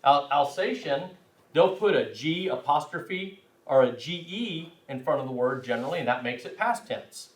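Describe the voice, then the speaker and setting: A man's voice: on the high side, expressive, moderate pace. A man giving a language class lecture, rambling and self-deprecating, with frequent restarts. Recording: echoey room, mic far off.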